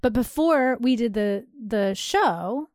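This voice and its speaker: A woman in her thirties co-hosting a podcast, telling stories in a chatty, animated way. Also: a little high, takes it slowly, no echo, clean studio sound. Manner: chatty, animated storytelling with laughs. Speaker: podcast co-host. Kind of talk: casual chat.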